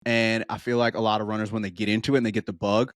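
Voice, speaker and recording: A man's voice: fairly low pitch, very fast, no room sound, studio quality. A man in his thirties, a running coach, chatting casually and acting out what his runners say. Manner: animated storytelling, acts out quoted voices. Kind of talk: casual podcast chat.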